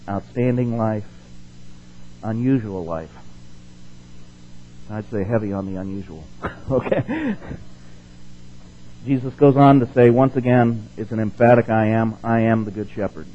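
A man explains a Bible passage in a middle-pitched, easygoing voice and keeps asking his listeners questions. He slows down and gets louder whenever he reads the verses. The recording sounds slightly muffled and lo-fi. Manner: conversational, asks the audience questions and checks in with "okay" and "right"; slows down and rises in force to stress the scripture he reads. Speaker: preacher. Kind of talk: casual Bible teaching.

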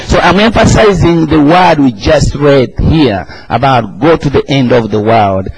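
A man's voice: mid-range voice, expressive, measured pace, gravelly, few pauses, a little hiss or hum, rough recording. A man, preaching an emphatic sermon and calling the congregation to answer back. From Uganda. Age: 40s.

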